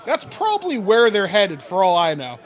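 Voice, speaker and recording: A man voicing a crude, jolly male gnome barkeep who speaks loudly and bawdily. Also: high voice, huge pitch swings, normal speed. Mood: rowdy. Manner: boisterous, bawdy, laughing.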